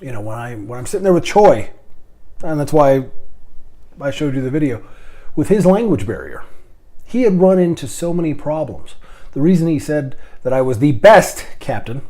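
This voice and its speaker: A man's voice: a little high, big pitch swings, moderate pace, warm tone. A middle-aged man, a podcast host and airline captain, rambling and stammering through a casual monologue.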